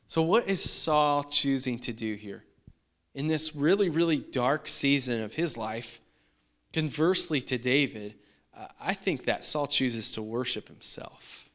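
A man preaching a sermon in an animated, emphatic way, acting out the people he quotes. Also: medium pitch. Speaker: pastor.

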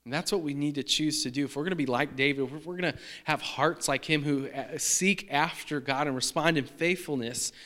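A man preaching a sermon in an animated, emphatic way, acting out the people he quotes. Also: a little high, fairly quick, few pauses. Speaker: pastor.

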